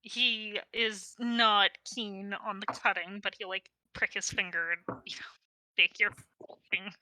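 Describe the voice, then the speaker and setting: A woman running a tabletop role-playing game as game master, explaining rules and outcomes in a measured, wry way. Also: mid-range voice, steady tone, pushed and bright, no room sound, rough recording.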